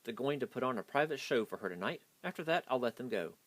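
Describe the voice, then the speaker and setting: A man voicing a small, angry penguin butler with a squeaky voice, in a storybook reading. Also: expressive, quick pace, no room sound, natural voice. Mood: indignant.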